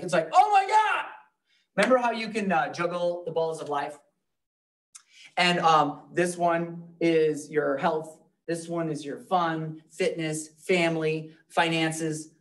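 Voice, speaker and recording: A man's voice: on the high side, recorded from a distance. A man leading a live real estate training class, talking loosely and joking with the room.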